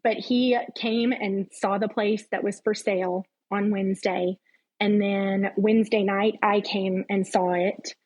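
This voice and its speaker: A woman's voice: medium pitch, steady tone, measured pace, darkish tone, low-quality recording. A middle-aged woman, a podcast guest, giving an earnest, heartfelt personal faith testimony.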